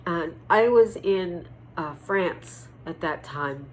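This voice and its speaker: A middle-aged woman giving a heartfelt birthday tribute to a family member, emotional and choked up, halting with fillers. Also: fairly low pitch, animated, darkish tone, slight background noise, poor audio. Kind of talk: heartfelt personal tribute to camera.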